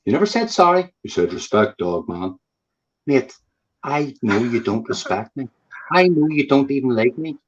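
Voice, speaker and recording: A man's voice: medium pitch, expressive, normal speed, slightly rough. A man from Northern Ireland with a Northern Irish accent, talking in blunt, profane casual chat and repeating himself for emphasis. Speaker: guest on a live chat stream. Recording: dull lo-fi call audio.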